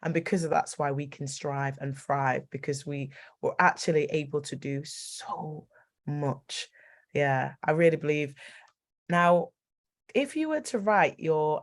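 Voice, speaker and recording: Encouraging woman podcast host. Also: low voice. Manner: encouraging, affirming interviewer. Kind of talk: conversational interview.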